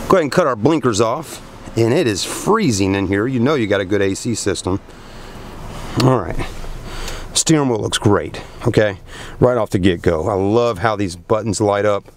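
Against a noisy background, a man with a mid-range voice reviews a car in a chatty, folksy way, addressing viewers as folks. He's hot and tired from a long day, filming a casual walkaround at a dealership at night and then inside a car.

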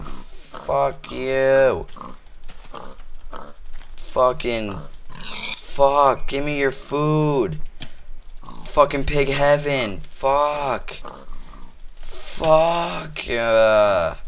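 A man playing a video game on his own channel, swearing constantly and trash-talking the animals in it, switching between shouting and muttering. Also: mid-range voice, vocal fry, slight background noise. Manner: flips between angry yelling and muttering. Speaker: gamer. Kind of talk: cursing let's play commentary.

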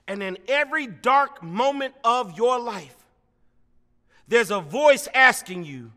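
A man, a pastor, preaching a sermon in rhythmic refrains that swell into shouts and fall back to slow, hushed lines. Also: very high-pitched, expressive, in a large hall. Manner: drops to slow, hushed phrases between climaxes. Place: church sanctuary.

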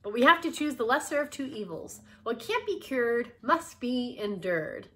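A woman reading aloud, voicing a brisk, bossy old lady who talks in firm, emphatic proverbs. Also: a little high, very animated, a bit bright.

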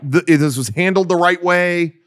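A man with a high voice co-hosts a podcast at a moderate pace, chatting casually and rambling with lots of fillers and restarts.

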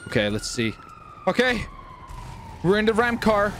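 A young man streams improvised game role-play, excitable and easily thrown into a panic, and he swears freely. His voice sits high and bounces through a wide, animated range. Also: moderate pace, music in the background.

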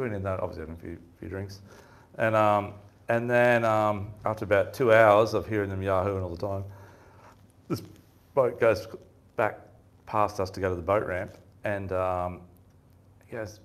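Low-voiced chatty man. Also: normal speed. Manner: rambling, chatty, laughs often. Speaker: fishing seminar presenter. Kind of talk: casual storytelling talk. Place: seminar room with audience.

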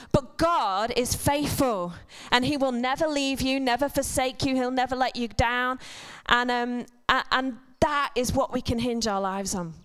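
A woman preaches to a church congregation in a relaxed, chatty way. Her voice sits a little high and sounds smooth and resonant. She drifts into self-deprecating humor and quick asides. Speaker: church speaker. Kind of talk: conversational sermon. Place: church service before a congregation.

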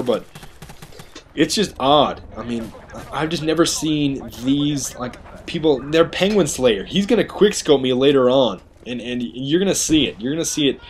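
A man's voice: mid-range voice, a little hiss or hum. A man giving a chatty, rambling voice-over commentary on a video game, often mocking himself. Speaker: gaming commentator.

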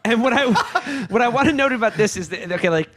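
A man co-hosting a podcast in casual chat, halting and restarting his sentences often. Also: very high-pitched, lively intonation, fairly bright tone. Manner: halting, with frequent restarts and stammered repeats. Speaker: podcast co-host.

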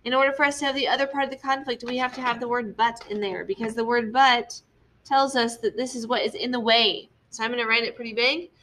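A woman's voice: fairly high pitch, steady tone, fast talker, bright, forceful tone, a little hiss or hum. A young woman teaching a class on story structure, explaining patiently step by step and often checking in with "okay?".

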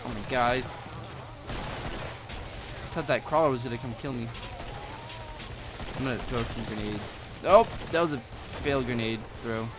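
A young man casually commentating a shooter game, swearing and shouting at enemies as he plays. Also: medium pitch, a little slow, pauses often. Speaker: gameplay commentator. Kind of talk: casual gaming chat. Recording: game audio behind with clear gunfire noise.

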